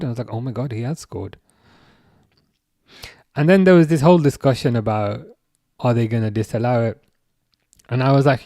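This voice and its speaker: A man's voice: mid-range voice, moderate pace, pauses often, warm tone, no room sound, clean studio sound. Chatty man streaming match commentary. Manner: reads chat messages aloud and answers viewers; chatty, self-correcting, repeats words. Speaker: live stream host. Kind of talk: casual live chat commentary.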